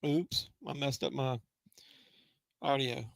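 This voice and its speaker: A man hosting a live wrestling watch-along, reacting casually with blunt, excitable remarks, heckling and the odd curse, and a voice he says is going. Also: mid-range voice, vocal fry, dry recording. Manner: excitable, blunt and heckling, with quick asides and swearing. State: losing his voice.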